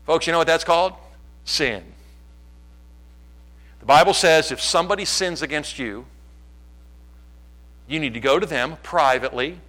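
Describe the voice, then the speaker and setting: Preaching to his church, a male pastor speaks in a slightly high voice with a bright, forceful edge. He's animated, shifting between loud, pressing lines and soft asides, at a moderate pace with frequent pauses.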